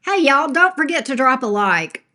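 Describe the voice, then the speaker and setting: A woman's voice: high-pitched, sing-song, moderate pace, pushed and bright. An older woman hosting a live tarot stream, chatty and blunt, greeting viewers by name. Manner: chatty, talks straight to chat viewers by name; blunt and sassy. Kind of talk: casual live-stream chat.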